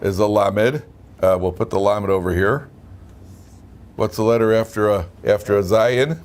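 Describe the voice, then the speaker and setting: A man, a rabbi, teaching an informal Torah class in a lively way, often asking his students questions. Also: on the low side, moderate pace. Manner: lively, asks the class questions, frequent "right?".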